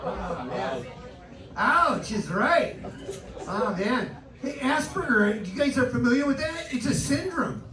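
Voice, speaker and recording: A man's voice: very high voice, very animated, slow. A man doing a stand-up set on a live cabaret stage, crude and self-deprecating, working the crowd. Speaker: stand-up comedian. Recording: roomy live club recording from a distance, noisy.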